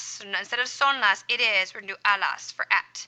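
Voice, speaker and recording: A woman runs a screen-recorded grammar lesson in a very bright, clear voice. She is upbeat and encouraging with her students, and she punctuates her steps with playful sound effects. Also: on the high side, steady tone, moderate pace, hardly any pauses. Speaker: Spanish teacher.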